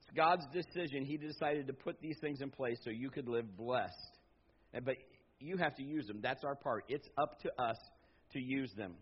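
A middle-aged man preaching a sermon as pastor, swinging from loud emphatic bursts to low, quiet stretches. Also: normal speed, slightly rough. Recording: slightly dull lo-fi sound.

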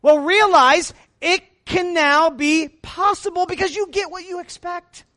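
A middle-aged man preaching a sermon as pastor, swinging between quiet, chatty asides and loud, emphatic lines, with self-deprecating humor. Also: very high-pitched, unhurried, no echo.

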